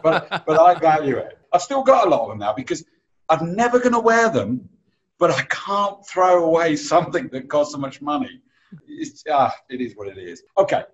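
A man's voice: a little high, dull audio. A man hosting a podcast interview, chatty and anecdotal, who laughs easily. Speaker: podcast host.

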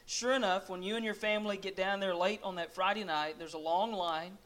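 Man, preacher, dramatic sermon story, high voice. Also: fairly even intonation, brisk, a bit bright. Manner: dramatic, second-person storytelling.

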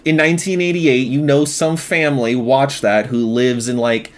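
A man in his thirties co-hosting a casual movie review chat, talking animatedly and slipping into loud mocking impressions. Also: mid-range voice, fairly even intonation, moderate pace. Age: 30s. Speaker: podcast co-host.

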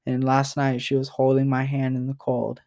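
A young man speaking to the camera in a personal vlog. He stays in a flat, level monotone and keeps breaking off to restart his thoughts. He sounds close to tears the whole way through. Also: medium pitch. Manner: rambling, halting, repeats himself and apologizes. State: emotional, near tears. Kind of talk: emotional personal vlog message.

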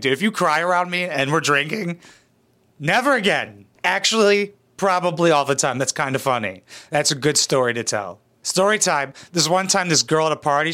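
A man's voice: on the high side, sharp tone. A man giving crude, sarcastic reaction commentary as a YouTuber, blunt and full of swearing.

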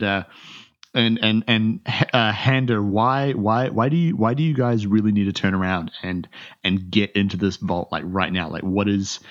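A man's voice: fairly low pitch, fairly bright tone, lo-fi sound. A man narrating as game master in a rambling way, with many restarts and fillers.

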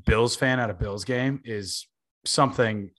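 A man's voice: medium pitch, unhurried. A young man chatting casually as a podcast host, telling stories with energy, swearing freely and acting out what others said. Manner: animated storyteller, swears freely, acts out quotes. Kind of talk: casual chat.

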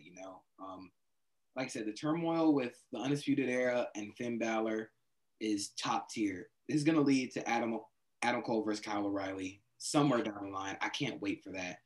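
A man co-hosting a casual wrestling podcast, giving his loose, relaxed take on the storylines. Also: medium pitch, fairly quick, poor audio. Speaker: podcast co-host.

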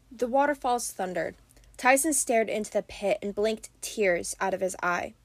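A woman narrating an audiobook in a steady, measured reading. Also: mid-range voice, dry recording.

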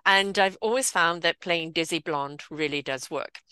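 A woman host with a South African accent, telling a story in a lively, candid way. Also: on the low side, normal speed, smooth, no room sound. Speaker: podcast host. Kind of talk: casual conversational storytelling. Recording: dry close recording.

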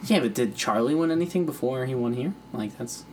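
Brief: young male podcast co-host, rambling and profane, mid pitch, faint noise behind. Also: expressive, brisk, a little mellow. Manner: rambling, swears freely, laughs often. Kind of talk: casual chat.

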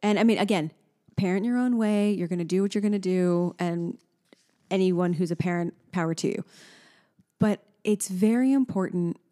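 Pregnant woman in her 30s co-hosting a podcast, warm mellow voice, chatty storyteller. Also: fairly low pitch, normal speed. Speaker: podcast co-host. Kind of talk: casual chat.

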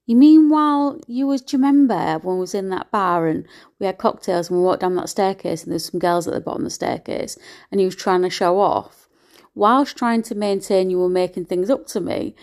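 A woman in a blunt, profane, scornful rant to camera, her pitch leaping as she gets worked up. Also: a little fast. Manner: animated, with sudden pitch jumps. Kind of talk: ranting monologue to camera.

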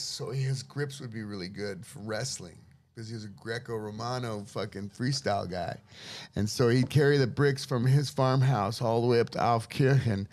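A middle-aged man from Los Angeles, a guest telling lively, profane stories about his father in casual chat. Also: mid-range voice. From Los Angeles, USA. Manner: profane, lively anecdotal storyteller. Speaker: interview guest. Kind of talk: casual storytelling.

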